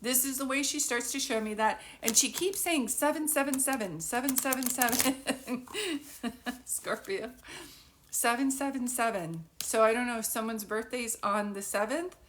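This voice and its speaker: A woman's voice: mid-range voice, a bit bright. A woman working as a psychic medium, giving a live spirit reading in a chatty, informal way and laughing often.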